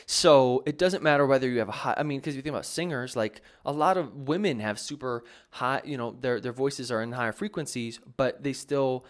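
A man's voice: mid-range voice, brisk, few pauses. Rambling man giving casual music advice. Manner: rambling, many fillers and restarts. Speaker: music producer answering viewer questions.

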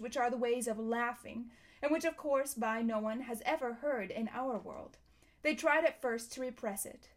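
A young adult woman reading a children's storybook aloud in calm, even narration, with casual asides to her listeners. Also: a little high. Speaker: audiobook reader.

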